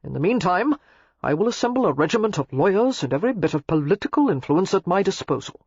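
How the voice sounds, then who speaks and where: Arrogant commanding earl voiced by the narrator, curt and certain, husky, dry dull audio. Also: mid-range voice, very animated, fast talker, darkish tone, no echo. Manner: curt and authoritative. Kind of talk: audiobook character reading.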